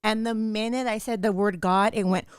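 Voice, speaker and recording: A woman's voice: medium pitch, fairly even intonation, moderate pace, clean tone, no room sound, studio quality. A woman in her thirties hosting a podcast, telling a personal story intensely, peppered with "like" and cursing. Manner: intense, repeats "like" constantly, swears freely. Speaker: podcast host.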